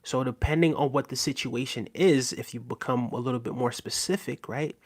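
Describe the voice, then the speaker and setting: A man talks casually on a livestream, reading viewer comments and answering them in an easygoing way. His voice sits at an ordinary middle pitch, and his sentences loop back with checks like "right?" and "you know". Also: brisk, darkish tone. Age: adult with a daughter. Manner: laid-back, chats to viewers, often tags "right?".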